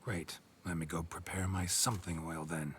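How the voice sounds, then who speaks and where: An actor voicing a blunt, gruff monster-hunting witcher in video game dialogue, with short, dry replies. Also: low-pitched, flat delivery, normal speed, a bit bright, heavily acted.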